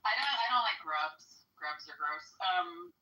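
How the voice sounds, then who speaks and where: A woman's voice: fairly low pitch, expressive, unhurried, sharp tone, reverberant, distant mic, slight background noise, low-quality recording. A woman who works as a teacher, talking in a blunt, matter-of-fact way in casual chat.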